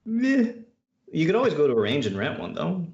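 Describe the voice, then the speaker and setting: A man's voice: a little high, big pitch swings, quick pace, darkish tone. Man in a roomy, muffled call. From Canada. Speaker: co-host. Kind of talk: casual chat on a livestream.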